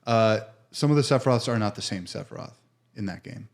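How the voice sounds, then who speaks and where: A man's voice: fairly low pitch, fairly quick, creaky. A man co-hosting a casual podcast, wry in tone and swearing casually. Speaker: podcast co-host. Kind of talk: casual chat.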